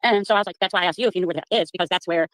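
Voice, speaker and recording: A woman's voice: lowish voice, rapid-fire, a bit bright, dry recording. A middle-aged woman in casual chat, talking in a chatty, candid, emphatic way. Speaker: chat participant.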